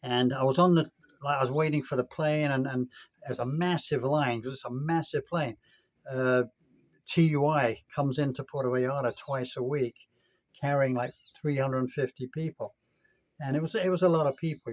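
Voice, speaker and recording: A man's voice: medium pitch, steady tone, normal speed, no echo. A man in his sixties from the United Kingdom, telling a rambling story in a casual vlog rant. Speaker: vlogger.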